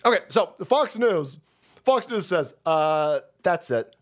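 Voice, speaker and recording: A man's voice: high-pitched, lively intonation, a little slow. A man hosting a political commentary stream, ranting in a rambling, sarcastic and foul-mouthed way. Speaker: host.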